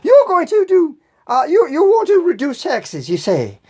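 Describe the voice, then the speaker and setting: A gruff, patient old Easter Bunny, as a woman puts him on in a told joke. The voice sits low and drawls each question out slowly. The pitch swings widely. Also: huge pitch swings, darkish tone, full character voice. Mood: probing.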